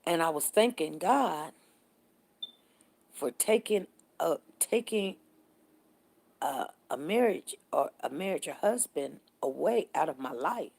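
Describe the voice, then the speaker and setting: A middle-aged woman hosting a casual morning live stream, chatting with viewers, greeting them by name and telling stories in an animated way. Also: low-pitched, takes it slowly, creaky, long pauses, slightly rough. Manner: animated storytelling, voices others in the story.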